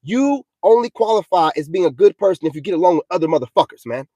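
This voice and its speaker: Preachy ranting man, mellow voice. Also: high voice, expressive, quick pace, husky, no room sound. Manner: preachy and combative, repeats himself, says "you know what I'm saying" often. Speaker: self-styled spiritual vlogger. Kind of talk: ranting vlog monologue.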